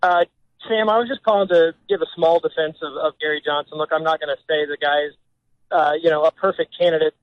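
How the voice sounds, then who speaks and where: A man's voice: a little high, steady tone, brisk, no room sound, muffled recording. A man calling into a radio talk show, arguing his point earnestly and stumbling through restarts. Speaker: caller. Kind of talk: radio call-in.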